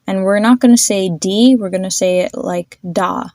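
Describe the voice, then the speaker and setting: A woman hosting a pronunciation lesson, demonstrating sounds slowly and repeating them for the listener. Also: medium pitch, darkish tone, dry recording. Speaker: host teaching pronunciation.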